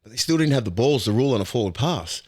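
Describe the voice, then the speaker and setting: A man's voice: mid-range voice, quick pace, breathy edge. Blunt, sweary Australian man. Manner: blunt, animated, swears freely. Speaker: podcast host, former rugby league player. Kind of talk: casual sports chat.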